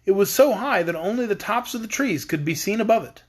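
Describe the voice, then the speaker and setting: A man reads a children's storybook aloud, his voice sitting high and swinging widely in pitch. His narration is lively and expressive. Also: fairly quick. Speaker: audiobook reader.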